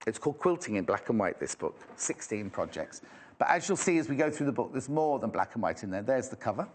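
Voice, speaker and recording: A man's voice: medium pitch, sing-song, fast, slight background noise. A man from England presenting a live sewing shopping show, chatty and enthusiastic with self-mocking asides. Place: TV studio.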